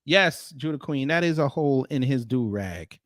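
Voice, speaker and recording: A man's voice: medium pitch, expressive, moderate pace, no echo, studio quality. A man hosting a livestream, ranting at and mocking the clips he reacts to. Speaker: livestream host.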